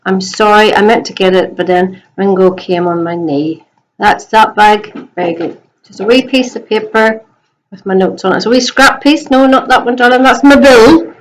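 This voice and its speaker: A middle-aged woman teacher at home, chatting gently in a recorded message to young pupils. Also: medium pitch, moderate pace, slight background noise, rough recording. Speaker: primary school teacher.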